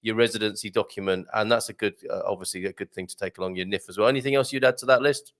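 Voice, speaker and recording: A man's voice: lowish voice, steady tone, racing, fairly bright tone. A man hosting a live online morning show, chatting and jokily reading viewer comments aloud. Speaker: host.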